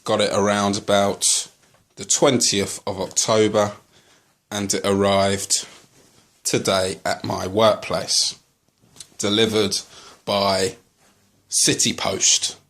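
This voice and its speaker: A UK collector vlogger films a casual unboxing video, his voice on the low side and fairly bright. He speaks haltingly, then turns to angry ranting full of swearing.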